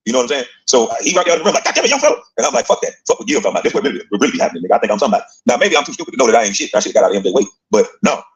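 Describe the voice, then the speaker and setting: A middle-aged man fires off a boastful, profane basketball story at a breakneck pace. His voice sits at a middle pitch. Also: lively intonation, very fast, few pauses. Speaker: former player telling a story.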